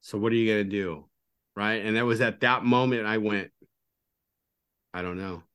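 Middle-aged man, low-pitched voice, candid podcast guest sharing a personal recovery story, confiding and earnest. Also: steady tone, brisk, a bit bright, smooth. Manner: earnest and confiding, often trailing to a low murmur.

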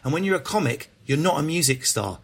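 A man's voice: a little high, lively intonation, a little fast, breathy edge. A stand-up comedian with a Cockney accent, talking frankly and animatedly in an interview, swearing freely and restarting his sentences. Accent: London Cockney. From England. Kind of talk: candid interview chat.

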